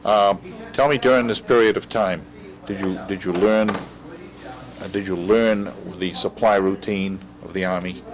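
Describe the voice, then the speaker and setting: Low-voiced male interviewer. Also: steady tone, measured pace. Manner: brief prompting, encouraging questions. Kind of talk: oral history interview.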